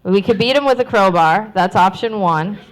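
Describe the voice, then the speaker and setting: A woman with a middling pitch leads a panel discussion at a convention. Her tone is upbeat and encouraging as she addresses the room. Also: normal speed. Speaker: panel host.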